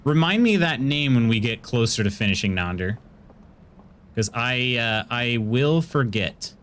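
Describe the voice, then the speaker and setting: A man's voice: unhurried, slight background noise. American man streaming a game, chatty and playful. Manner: chatty and playful, jumps into high excited bursts. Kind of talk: casual gameplay commentary, chatting with viewers.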